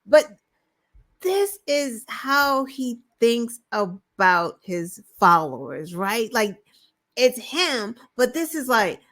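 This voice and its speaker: A woman's voice: fairly high pitch, big pitch swings, slow pace, a bit bright. A woman co-hosting a podcast in casual political chat, exasperated, swearing and laughing often. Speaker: podcast co-host.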